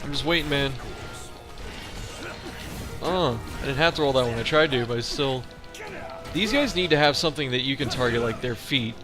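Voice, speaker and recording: A man of middle pitch chats his way through a boss fight as a let's play host, loose, profane and humming along as he plays. Game music runs clearly behind his voice. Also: expressive, moderate pace, pauses often. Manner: chatty and profane, hums along while fighting. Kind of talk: casual gameplay commentary.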